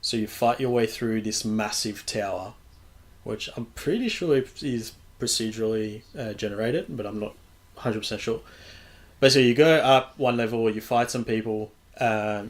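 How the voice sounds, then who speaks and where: A young man with a lowish voice hosts a podcast in casual chat. He rambles loosely and swears freely as he goes. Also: fairly even intonation, normal speed. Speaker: podcast host.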